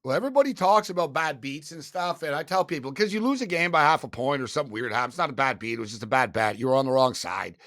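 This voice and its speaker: A man guesting on an interview, telling stories in a casual, animated, profane way, swinging between loud and soft. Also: mid-range voice, fast talker, few pauses, no echo, studio quality. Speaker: guest, sports betting media host.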